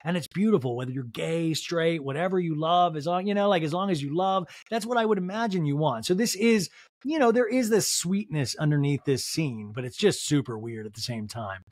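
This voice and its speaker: Guy doing a chatty reality tv recap podcast, laughs a lot, voice kinda high, really dry sound. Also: fairly quick, no echo. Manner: animated, laughing, acts out quotes in voices. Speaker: podcast host.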